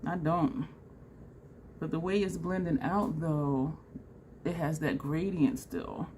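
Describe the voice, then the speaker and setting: A woman vlogging a makeup tutorial in a chatty, excitable way, talking straight to her viewers. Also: low-pitched, slow, slight background noise. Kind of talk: casual makeup tutorial chat.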